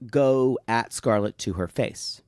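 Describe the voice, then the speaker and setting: A man's voice: mid-range voice, darkish tone, no room sound. A man co-hosting a podcast, chatting casually and rambling with many restarts. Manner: rambling, restarts often, does quick impressions. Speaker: podcast co-host. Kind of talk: casual recap chat.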